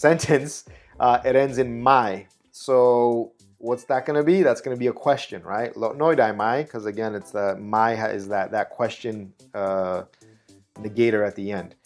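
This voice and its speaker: A man hosting a casual language lesson, relaxed and chatty, explaining things slowly. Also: mid-range voice, soft background music. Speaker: travel video host.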